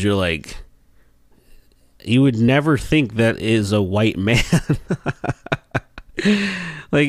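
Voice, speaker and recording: A man's voice: on the low side, no room sound, clean studio sound. A man hosting a reaction video, making wry, unimpressed remarks in casual commentary.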